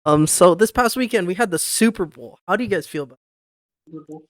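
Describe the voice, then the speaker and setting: A man's voice: high-pitched, animated, a little fast, no echo, clean studio sound. A young man co-hosting a casual podcast, speaking hesitantly with many fillers. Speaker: podcast co-host. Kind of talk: casual chat.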